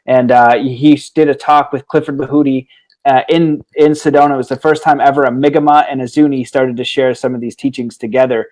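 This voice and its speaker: A man's voice: mid-range voice, a little fast, poor audio. A man telling a long story as a guest in a casual conversation, rambling through restarts and laughing as he goes. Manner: rambling, with many restarts and "he's like" asides; animated, laughs while telling stories. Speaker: guest on a talk stream.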